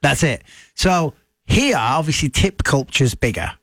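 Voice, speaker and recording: An English man co-hosting a radio show in a relaxed, chatty way. His voice sits a bit high and swings around a lot as he talks. The studio sound is close and dry. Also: no echo. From England. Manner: chatty, playful, does quick impressions. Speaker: radio co-host. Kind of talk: casual radio chat.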